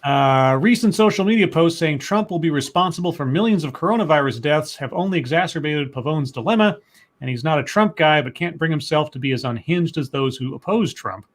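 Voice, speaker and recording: Stream co-host, male, slightly high voice, rambling and chatty, casual news reader. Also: animated, fairly quick. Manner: rambling, chatty, trails off with fillers. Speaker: co-host reading news stories. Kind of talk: casual livestream chat.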